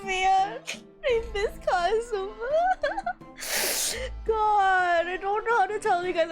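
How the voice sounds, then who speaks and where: A young woman streamer chatting casually with her viewers, giggly and gushing, breaking into laughter and excitable outbursts. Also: very high voice. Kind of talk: casual live gameplay chat.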